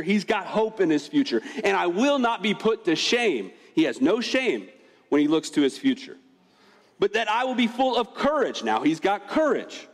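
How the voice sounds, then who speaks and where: A man preaching a sermon as pastor, emphatic and animated, asking rhetorical questions. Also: sits high, in a large hall.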